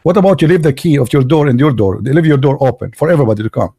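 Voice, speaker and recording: A man's voice: mid-range voice, rapid-fire, mellow, slightly rough, no echo, studio quality. A man from the Arab world with an Arabic accent, hosting an online show and delivering a blunt, emphatic, mocking monologue. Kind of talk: opinionated monologue.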